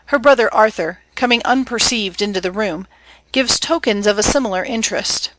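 A woman's voice: on the high side, fairly bright tone, no echo, low-quality recording. Woman narrating a storybook, dry close sound. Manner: measured, clear storytelling. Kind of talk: audiobook narration.

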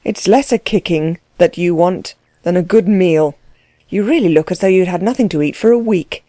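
A woman voicing a calm, dryly ironic gentleman in an audiobook, measured and unruffled. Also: on the low side, dry recording, natural voice. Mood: kind. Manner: measured, unruffled, dry irony. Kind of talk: audiobook character reading.

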